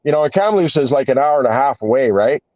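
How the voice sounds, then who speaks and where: On dull, dry lo-fi podcast audio with no echo, a man with an animated mid-range voice talks at a quick pace. In casual conversation he meanders through a story, swearing plenty and leaning on filler words.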